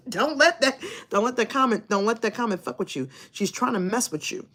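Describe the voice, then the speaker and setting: A woman's voice: fairly high pitch, moderate pace. A woman live streaming who chats casually with her audience, swears freely and laughs often. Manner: laughs often, profane and animated.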